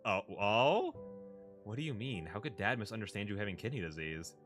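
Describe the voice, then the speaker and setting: A man's voice: lowish voice, sing-song, a little fast, a bit bright, faint music behind. A man reading a story aloud, voicing a young adult sister who speaks hesitantly and emotionally. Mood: confused. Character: young adult woman, anxious, tearful sister.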